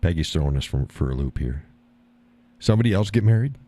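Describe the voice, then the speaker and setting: A man's voice: sits low, expressive, fast, warm tone. A man hosting a live stream, chatting casually and reading the chat, folksy and easygoing, often repeating his own phrases.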